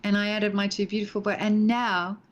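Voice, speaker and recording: A middle-aged woman, a guest actress, telling stories in a chatty, animated way in a casual interview from home. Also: medium pitch, a little fast. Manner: chatty, animated storyteller, laughs easily. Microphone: home video call. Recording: dull lo-fi call audio.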